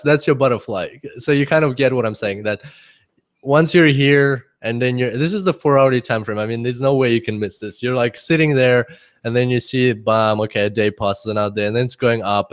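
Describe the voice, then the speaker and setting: Chatty man teaching a webinar. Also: mid-range voice. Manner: chatty, laughs often, thinks aloud with restarts. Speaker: forex trading instructor.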